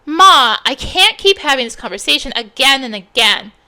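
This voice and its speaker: A woman's voice: high-pitched, very animated, normal speed, pushed and bright, heavily acted. A woman voicing a worn-out young mother arguing in a heated, pleading way in a game. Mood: upset.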